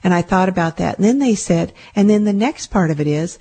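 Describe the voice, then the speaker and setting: Brief: middle-aged woman, low-pitched, earnest and reassuring spiritual talk host. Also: lively intonation, brisk, warm tone, husky. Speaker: host and energy healer. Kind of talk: spiritual self-help radio talk.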